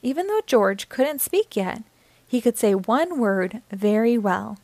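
A woman reading a picture book aloud to children, with clear, expressive storytelling. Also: fairly high pitch, measured pace, no room sound.

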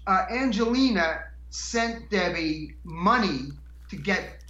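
A man's voice: high-pitched, animated, slow, bright, forceful tone, echoey room, dull audio. A man telling stories as a guest in a casual chat, rambling and laughing, with frequent restarts.

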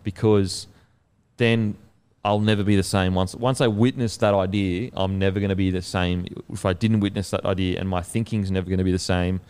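Low-voiced podcast host. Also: male voice, fairly even intonation, a little fast, a little mellow, smooth. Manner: enthusiastic, swears freely, reacts with short interjections. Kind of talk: casual chat.

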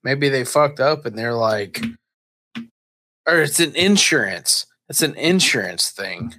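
A man's voice: medium pitch, lively intonation, slow, sharp tone. A man co-hosting a casual podcast, rambling through crude jokes and stories and swearing freely. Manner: rambling, swears freely, tells anecdotes with quoted voices. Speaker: podcast co-host. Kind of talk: casual crude comedy chat.

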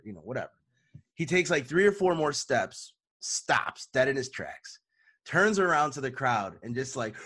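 A man in his thirties co-hosting a podcast, telling a rambling, animated story full of fillers. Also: mid-range voice, no echo. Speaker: podcast co-host. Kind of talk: casual chat, storytelling.

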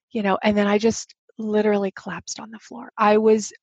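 A woman's voice: fairly high pitch, a little fast, no echo, lo-fi sound. A woman in her thirties telling a candid personal story, acting out the voices of the people in it. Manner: animated, acts out quoted voices.

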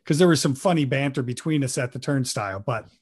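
A man who talks casually on a podcast, telling an animated, profane story about a scene he acted in. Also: mid-range voice, fast talker, slightly rough. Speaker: guest actor recalling a role.

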